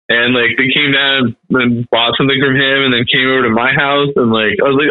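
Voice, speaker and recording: A man's voice: mid-range voice, level tone, a little fast, hardly any pauses, dry recording. A man talks in an easygoing, rambling way, stringing thoughts together with "like" and the odd curse. His voice comes through a dry, tinny, phone-like line with no room sound. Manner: laid-back, rambling, heavy on "like" and "dude", swears casually. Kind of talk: casual chat.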